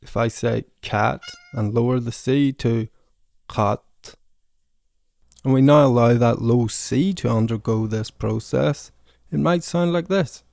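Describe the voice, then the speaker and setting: Slow gravelly man explaining pronunciation. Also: mid-range voice, a little mellow, no room sound, studio quality. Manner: demonstrates sounds by repeating them. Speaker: language learner teaching pronunciation. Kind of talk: casual pronunciation lesson.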